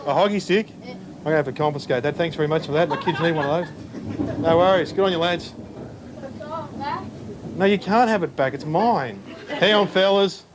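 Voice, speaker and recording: A man's voice: fairly high pitch, moderate pace, long pauses, background noise. An Australian man doing a prank comedy bit as a mock-official parking attendant, teasing passers-by in a car park. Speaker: comedy segment presenter posing as parking attendant.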